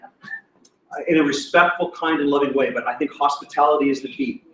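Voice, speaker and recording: A man's voice: on the high side, moderate pace, fairly bright tone. A man giving a sermon as guest speaker, telling stories with self-deprecating humor and laughing at himself. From Canada. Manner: self-deprecating, laughs at his own story. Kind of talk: sermon storytelling. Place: church auditorium. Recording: echoey hall, distant mic.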